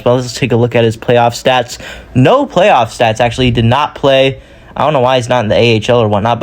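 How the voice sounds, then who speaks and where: A man's voice: mid-range voice, a little mellow. A young man talking through a hockey sim career in casual commentary, rambling and often correcting himself mid-sentence. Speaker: gaming YouTuber.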